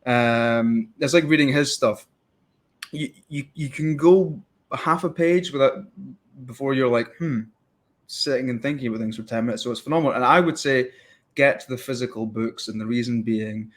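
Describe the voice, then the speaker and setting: A man's voice: medium pitch, moderate pace. Fired-up male podcast host. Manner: fired-up, rambling, acts out quoted voices. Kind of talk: casual interview chat.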